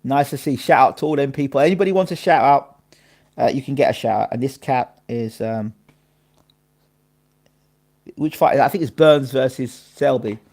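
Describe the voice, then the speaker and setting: A man hosting a casual live boxing stream, chatting his opinions and shouting out viewers by name and place. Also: mid-range voice, moderate pace, pauses often.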